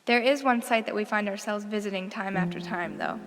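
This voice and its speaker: A young woman from Pennsylvania giving a measured, scripted narration as the narrator of an audio essay. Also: mid-range voice. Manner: measured, deliberate reading. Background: strong background music.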